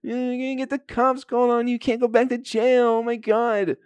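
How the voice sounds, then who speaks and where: A man voicing a fussy female hen who whines and nags in a high, strained voice. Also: level tone, moderate pace, a little mellow, clean tone, no room sound, lo-fi sound. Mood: exasperated. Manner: whiny, exasperated squawking.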